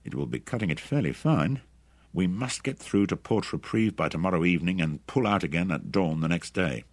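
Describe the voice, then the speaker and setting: A man's voice: low voice, animated, a little fast, no room sound. A man voicing a tough mercenary commander who gives curt, commanding orders.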